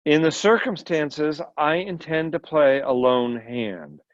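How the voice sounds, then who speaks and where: A man's voice: on the high side, slow pace, no room sound. A man voicing a cold, composed foreign woman. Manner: quiet, composed, then intense. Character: calm, cold foreign woman, tall and pale. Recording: dull lo-fi recording.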